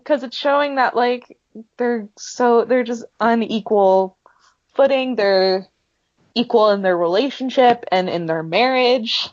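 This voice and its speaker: A woman's voice: fairly high pitch, unhurried, no room sound. A young woman co-hosting a casual fan podcast, gushing and emotional as she acts out scenes. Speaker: podcast co-host. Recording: dull lo-fi sound, dry.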